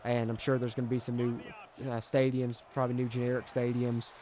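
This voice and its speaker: Guy streaming a football game, gets fired up then talks himself down, mid-pitch voice. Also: fairly quick. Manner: excitable, swings between frustration and hype, Southern slang. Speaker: gaming streamer. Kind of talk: live gameplay commentary and chat.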